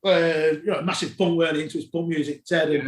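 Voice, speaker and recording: A man, a podcast guest telling cricket club stories in casual, animated chat. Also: on the high side, fast. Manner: animated anecdotes, laughs while telling. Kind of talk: casual storytelling. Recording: roomy echo.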